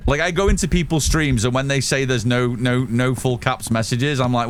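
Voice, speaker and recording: A loud, excitable man, chatting casually with his live-stream chat while gaming and swearing freely. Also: mid-range voice, moderate pace, hardly any pauses, soft background music.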